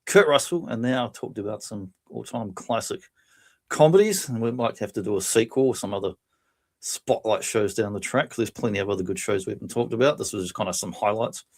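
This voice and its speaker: Lively storytelling man. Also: on the low side, a little fast. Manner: animated storytelling, laughs often, acts out quotes. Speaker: podcast co-host. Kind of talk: casual chat.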